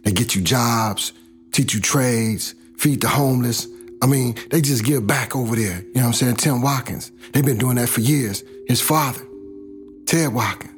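A man's voice: medium pitch, normal speed, soft background music. A middle-aged man from South Los Angeles telling his own life story in a blunt, profane, casual way.

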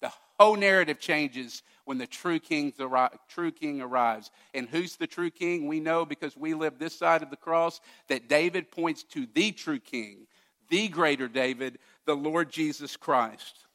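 Male pastor, bright and ringing tone, sermon delivery that moves from loud declarations to hushed lines. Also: on the high side, measured pace. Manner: emphatic, swinging between loud declarations and hushed asides.

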